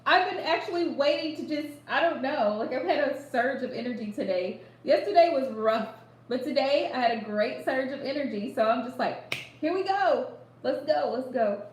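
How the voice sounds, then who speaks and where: High-voiced woman chatting in an echoey room. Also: moderate pace. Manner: animated, repeats lines for emphasis, laughs often. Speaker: livestream host giving readings. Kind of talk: casual live chat to viewers.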